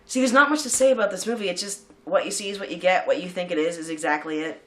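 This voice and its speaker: A woman's voice: fairly low pitch, fast talker, fairly bright tone. A woman co-hosting a casual movie vlog, chatty and rambling, with lots of fillers. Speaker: vlog co-host. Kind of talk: casual chat about a movie.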